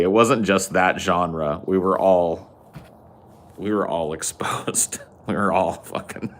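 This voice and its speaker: A man's voice: lowish voice, a bit bright. A man hosting a podcast in casual chat, joking, swearing a lot and laughing often. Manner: profane, jokey, laughs often. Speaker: podcast host.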